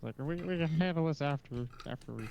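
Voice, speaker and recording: A man's voice: a little high, a little fast, vocal fry, dull audio, a little hiss or hum. A man playing a tabletop role-playing game, chatty and easygoing, slipping between his character's lines and table talk. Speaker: player.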